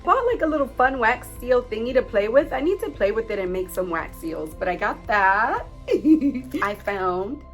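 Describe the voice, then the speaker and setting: Gushing woman with a lively voice. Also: fairly high pitch, normal speed, soft background music. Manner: gushing, excitable, addresses viewers as friends. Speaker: craft vlogger. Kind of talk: casual haul video.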